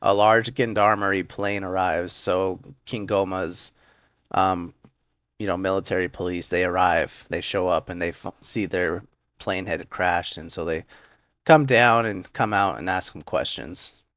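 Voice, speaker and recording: A young man casually recapping an anime episode, enthusiastic and acting out quick quoted lines as he retells scenes. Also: deep voice, steady tone, a bit bright, no echo, studio quality.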